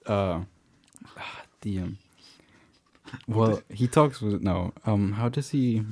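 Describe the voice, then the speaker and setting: A man's voice: lowish voice, takes it slowly, darkish tone. A young man co-hosting a podcast in casual chat, bantering and laughing, often hesitant with fillers. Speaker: podcast co-host. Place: Denmark.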